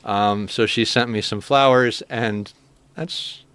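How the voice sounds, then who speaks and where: A man's voice: lowish voice, steady tone, takes it slowly, clean tone, no room sound. A man streaming a game, chatting casually with his viewers in a heartfelt, emotional way. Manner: heartfelt, soft-spoken, emotional.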